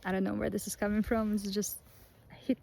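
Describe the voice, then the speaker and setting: Mellow-voiced woman vlogging outdoors. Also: medium pitch, flat delivery, brisk, creaky. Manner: rambling, emotional, many fillers and restarts. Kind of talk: casual spiritual vlog. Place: outdoors in a pine forest.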